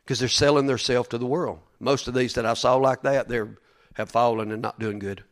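Brief: male preacher, drawl, folksy and emphatic, mid-pitched, repeats for effect. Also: fairly even intonation, a little fast. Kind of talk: sermon.

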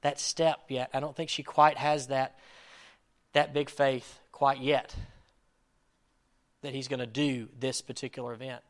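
A man preaching a sermon in an earnest way, swinging between loud emphasis and quiet asides and acting out quoted prayers. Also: medium pitch, flat delivery, measured pace, long pauses. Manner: acts out quoted prayers and lines. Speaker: pastor.

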